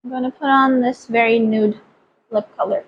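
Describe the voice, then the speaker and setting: A woman's voice: on the high side, steady tone, moderate pace, highs cut off. A young woman, chatting casually in a makeup vlog, self-deprecating and giggly, rambling as she talks. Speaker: vlogger.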